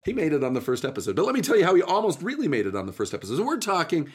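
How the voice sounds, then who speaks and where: A man hosting a podcast, telling his stories in an animated, chatty casual way. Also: on the high side, very fast, breathy edge. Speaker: podcast host. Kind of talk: casual storytelling chat.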